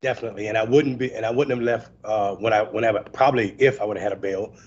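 Man co-host, husky voice, earnest halting talk, lo-fi recording. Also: fairly low pitch, steady tone. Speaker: guest co-host. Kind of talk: casual commentary.

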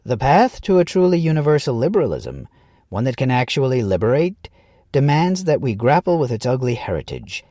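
A man reads a scripted essay in a measured, earnest voice. His pitch moves a lot, rising and falling to stress points. The tone is warm and mellow, and the sound is dry and close. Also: sing-song, no room sound. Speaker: narrator.

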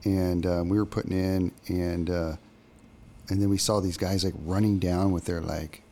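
A man's voice: deep voice, level tone, normal speed, warm tone, slight background noise. A laid-back young man in casual chat, recalling a river trip with a friend and laughing easily. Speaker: fishing buddy.

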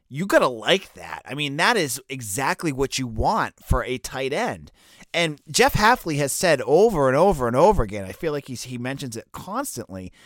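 A Boston-area man with a mid-range, fairly bright voice offers casual solo commentary as a college football recruiting analyst. He speaks loosely and conversationally, full of fillers and restarts, in clean studio sound with no echo.

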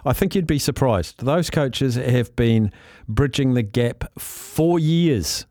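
A man hosting a sports radio show, reading out listener texts and chatting with callers with quick asides. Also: mid-range voice, a little mellow, dry recording, studio quality. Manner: chatty, reads messages aloud with quick asides and laughs.

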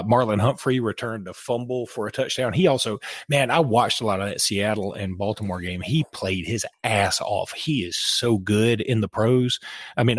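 A man's voice: fairly low pitch, husky, no room sound. A man with a Southern US accent hosting a sports podcast, chatting casually and cracking dry jokes. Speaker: podcast host.

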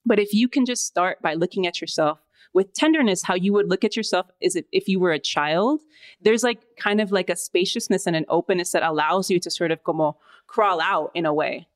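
A woman's voice: fairly low pitch, a little fast, no room sound. A woman co-hosting a podcast, talking in a reflective, thoughtful way in casual conversation. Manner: reflective, thoughtful, uses many fillers. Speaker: podcast co-host. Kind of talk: casual chat.

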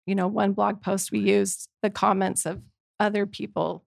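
Gravelly-voiced woman describing her blog. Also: mid-range voice, little pitch movement, normal speed, no echo, studio quality. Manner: informal, hesitant, with restarts. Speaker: blog co-author. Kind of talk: casual explanation.

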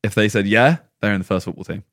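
A man's voice: fairly low pitch, quick pace, fairly bright tone, dry recording. A young English man chatting on a podcast, telling school stories in a dry, wry way. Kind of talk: casual podcast chat.

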